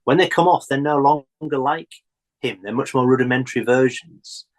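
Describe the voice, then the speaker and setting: A man, a guest on a chat show, telling childhood stories in an animated way and laughing often. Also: mid-range voice, fairly quick, poor audio. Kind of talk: casual chat.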